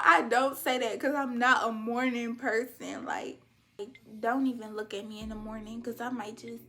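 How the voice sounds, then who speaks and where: A young woman vlogger, telling her story in a chatty, animated way and acting out quoted dialogue. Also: fairly high pitch, moderate pace. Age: young adult. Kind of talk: storytime vlog.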